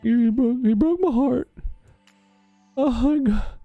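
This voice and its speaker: A man's voice: extremely high pitch, slow pace, no room sound, narrow, tinny audio, faint music behind, voice pushed up, heavily acted. A man voicing a whiny, heartbroken middle-aged male troll who sobs and wails in self-pity. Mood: whiny sobbing. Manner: sobbing, wailing and self-pitying.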